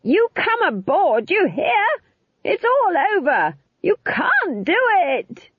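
A woman voicing an old witch on a broomstick, shouting in a high, drawn-out voice. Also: huge pitch swings, no room sound, exaggerated voice. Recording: tinny phone-like sound.

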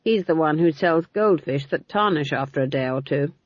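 A woman's voice: low voice, moderate pace, dry recording. A woman playing a stern, disapproving old witch. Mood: brusque. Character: stern elderly female witch, dry and proud. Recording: dull lo-fi dry recording.

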